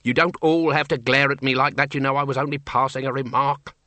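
A man's voice: medium pitch, steady tone, brisk, pushed and bright, no echo, lightly acted. A man voicing a pedantic, touchy male wizard who corrects others.

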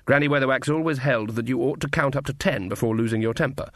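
A man's voice: medium pitch, fast, fairly bright tone, dry recording. A man narrating an audiobook in a wry, dry manner. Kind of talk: scripted narration.

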